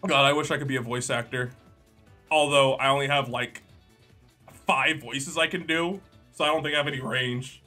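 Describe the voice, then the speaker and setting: A man's voice: medium pitch, steady tone, normal speed, pushed and bright, soft background music. A young man streaming, chatting casually, joking and reading chat aloud while editing art.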